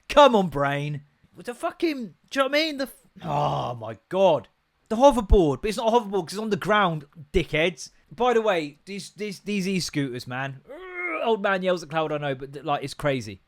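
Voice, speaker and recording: A man's voice: high-pitched, fairly bright tone. A British man in his thirties hosting a solo podcast, ranting and rambling with heavy swearing. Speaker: podcast host.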